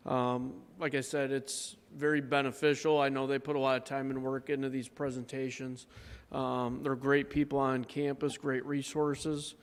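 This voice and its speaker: A man wraps up a campus event with a few casual closing words, pausing on ums between his thoughts. His pitch barely moves, staying level and even. The sound carries the long reverb of a large room. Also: clean tone. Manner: casual, with fillers. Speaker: event host. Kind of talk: closing remarks.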